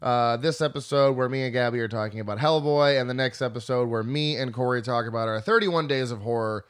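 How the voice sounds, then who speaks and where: Joking, rambling young podcast host. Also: male voice, medium pitch, fairly quick, clear, resonant tone. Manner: joking, rambling, self-correcting. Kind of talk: casual podcast chat.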